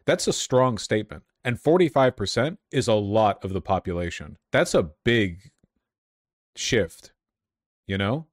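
Brief: man streamer, sarcastic and swearing, lowish voice, close dry sound. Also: animated, unhurried, dry recording. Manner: sardonic, profane, laughing asides. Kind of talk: casual political commentary.

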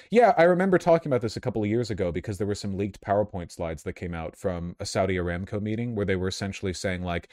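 A man's voice: fairly low pitch, animated, fast, few pauses, darkish tone, no echo, studio quality. A man giving casual political commentary as a streamer, blunt, profane and sardonic.

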